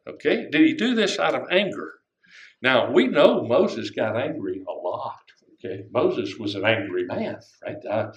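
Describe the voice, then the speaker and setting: Grandfatherly preacher in an echoey church. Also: medium pitch. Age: older. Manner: conversational, asks the congregation questions. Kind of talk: sermon. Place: church sanctuary. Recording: echoey room.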